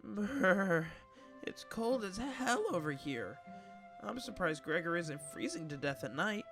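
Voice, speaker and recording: A chatty young woman stuck in a flooded cabin, as a man puts her on, her voice pushed up high and lively. She sounds nervous but friendly, with game music running behind her. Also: slow pace, exaggerated voice.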